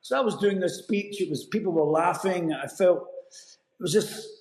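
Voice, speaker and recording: A Scottish man, an actor, telling a story in a casual interview, lively and full of restarts. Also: high voice, normal speed. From Scotland. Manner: animated storyteller, many restarts. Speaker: actor guest. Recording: roomy echo.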